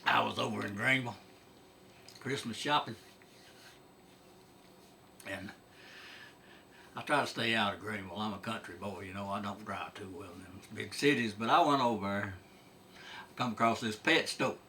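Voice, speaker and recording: A man's voice: on the low side, moderate pace, gravelly, long pauses, bright, forceful tone, slight background noise. A middle-aged man telling a comic folksy story, drawling and chuckling along. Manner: drawling, laughs at his own tale.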